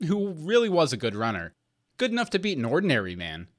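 A man narrating an old fairy tale in a measured, expressive reading. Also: a little high. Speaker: reader. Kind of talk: storybook narration.

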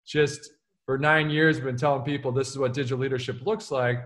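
A man, an author and keynote speaker, answering interview questions in an energetic, emphatic way, often acting out quoted dialogue. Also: medium pitch, a little fast.

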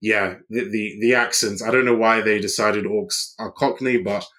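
A man talks through a TV episode in casual podcast chat. His voice sits on the lower side, and he wanders through his points with frequent restarts and fillers. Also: steady tone, moderate pace, sharp tone. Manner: rambling, many restarts and fillers. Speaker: podcast co-host.

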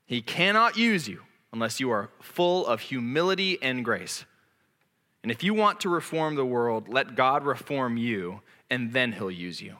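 A man in his thirties preaching from the pulpit, frank and self-deprecating about his own faults. His voice is bright and forceful. It rings out with the long echo of a large hall. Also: medium pitch, animated, a little slow. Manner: candid and self-deprecating, earnest. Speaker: pastor. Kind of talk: sermon.

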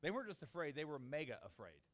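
A man's voice: on the high side, big pitch swings, fast talker. A man preaching a sermon, acting out the disciples' pleas in a raised voice. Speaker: pastor.

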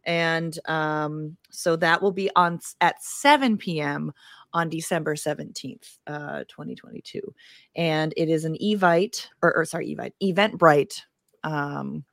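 Lower-pitched woman, dry close sound; casual, filler-heavy announcement read. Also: fairly even intonation, unhurried, creaky, fairly bright tone, no echo. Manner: chatty, full of fillers, careful with details. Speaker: player and choir member.

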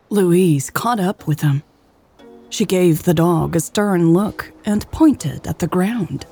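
Slow, gravelly woman narrator. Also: on the low side, dark tone, soft background music. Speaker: audiobook narrator. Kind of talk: scripted romance narration.

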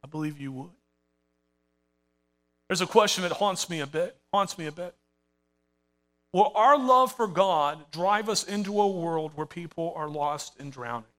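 High bright-voiced preacher, passionate. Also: male voice, lively intonation, moderate pace. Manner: passionate, building to emphatic calls. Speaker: pastor. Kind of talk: sermon. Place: church sanctuary with live congregation.

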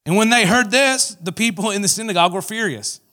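A man preaching a sermon, retelling scripture as lively storytelling and acting out the people in it. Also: sits high, a little fast. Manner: animated storytelling, acts out quoted voices. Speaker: pastor.

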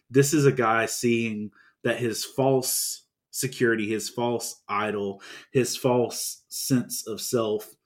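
A man co-hosting a podcast in casual chat, talking animatedly and reading lines aloud with feeling. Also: medium pitch. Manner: animated, reads comic quotes aloud with feeling. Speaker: podcast co-host.

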